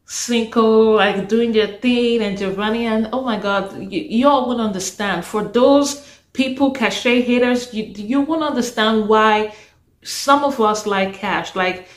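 A woman from Africa casually recapping a reality dating show, chatty and expressive, often exclaiming and laughing. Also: a little high, a little slow. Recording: roomy echo.

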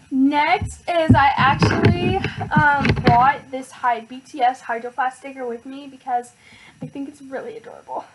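A teenage girl vlogging an unboxing, hyper and excitable, with lots of filler words. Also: sits high, noisy background. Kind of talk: casual unboxing vlog.

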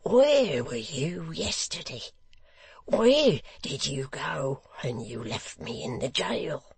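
A man voicing a sullen, beaten young rioter who speaks in a sulky, gruff way. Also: a little high, sing-song, slow, full character voice. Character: sullen, wounded young rioter, whispering hoarsely.

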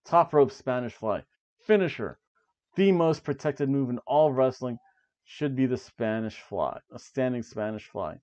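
Seated at his webcam, a forties-aged man gives a chatty wrestling review that keeps drifting into tangents and asides. His voice sits at medium pitch, mellow and clean, though the highs are cut off.

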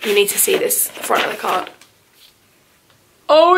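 Young woman, English, vlog chat, teary, gushing, gravelly fry. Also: high-pitched, animated, normal speed, long pauses, background noise. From England. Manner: gushing, tearful, effusive. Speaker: vlogger.

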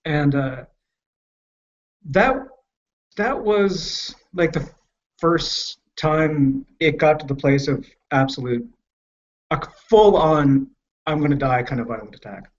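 A man with a fairly high voice tells a personal story in a frank, candid way, using plenty of profanity. He speaks haltingly and with emotion, and the muffled, lo-fi podcast recording dulls his voice. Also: animated. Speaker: podcast guest.

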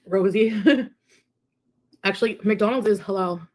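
A woman's voice: mid-range voice, a little slow, darkish tone. A woman talking casually to camera in a defiant, mocking way. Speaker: video creator being reacted to.

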